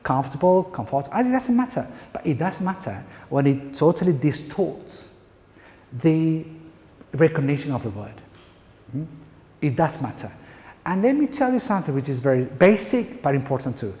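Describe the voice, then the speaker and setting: A man's voice: fairly high pitch, sing-song, normal speed, mellow. A man with a Spanish accent, a pronunciation teacher giving an emphatic, playful lecture full of rhetorical questions. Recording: echoey hall reverb.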